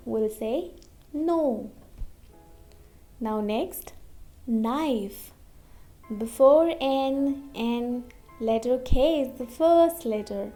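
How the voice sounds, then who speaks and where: Slow, high-voiced woman teaching pronunciation. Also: mellow. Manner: repeats each example word twice, asks "okay?" often. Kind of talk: slow, deliberate pronunciation lesson.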